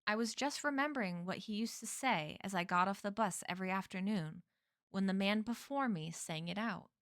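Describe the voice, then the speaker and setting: A woman reading a novel aloud as a stream host, in measured storytelling. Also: mid-range voice, dry recording, studio quality.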